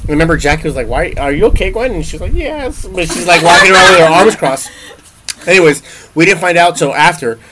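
A man's voice: on the high side, fast, background noise. A man, casually telling a story as a podcast co-host and acting out the quotes. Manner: animated storytelling, acts out quotes. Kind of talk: casual chat.

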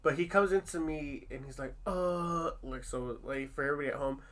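A man from Long Beach telling stories in a loose, animated casual chat, full of fillers and restarts. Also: fairly high pitch, a little fast. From Long Beach, California. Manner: animated storyteller, many fillers.

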